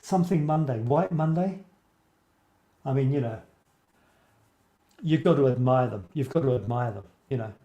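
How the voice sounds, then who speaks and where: Man, writing coach, live-stream chat, warm relaxed tone, rambling, roomy echo. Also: mid-range voice, normal speed, long pauses. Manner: rambling, musing aloud, reacting to viewers' posts. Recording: echoey room.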